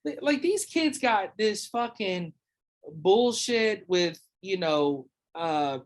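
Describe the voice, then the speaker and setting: A man's voice: high-pitched, lively intonation, slow. Young man, casual podcast chat, rambling, swears a lot, filler words. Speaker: podcast host or guest.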